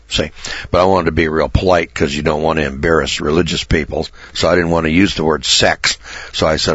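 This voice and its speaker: A man telling a story in a sermon, folksy and stammering, restarting phrases and often clearing his throat. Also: low-pitched, brisk, fairly bright tone, no echo, muffled recording.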